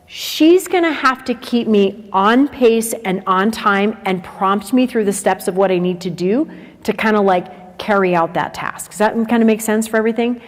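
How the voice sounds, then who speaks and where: A chatty woman speaking to a room of teachers at a middle pitch, animated and conversational. Her voice carries the long reverb of a large lecture hall. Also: moderate pace. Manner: lively, conversational, acts out examples. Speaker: presenter at a teacher training day.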